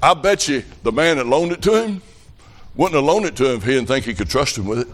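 A middle-aged man preaching a revival sermon, telling folksy stories in a plain country way and rising to loud shouted passages. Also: mid-range voice, lively intonation, fast talker.

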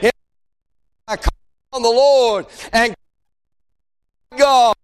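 A male preacher with a strikingly high voice delivers a fervent revival sermon to a church congregation. He often rises to a shout and keeps punctuating his lines with amen and hey. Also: fairly even intonation, slow, clean tone. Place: church service before a congregation.

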